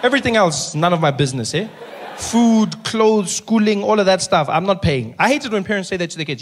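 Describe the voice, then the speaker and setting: A young man with a South African accent doing animated stand-up comedy on stage, telling stories with playful voices. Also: high-pitched, fairly quick. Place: live venue with audience.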